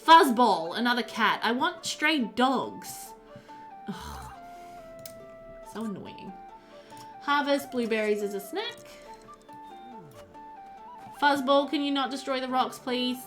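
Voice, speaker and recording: A woman chatting casually on a live stream while she plays a game, excitable and full of fillers, answering her chat as she goes. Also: fairly high pitch, slow, pauses often, music in the background.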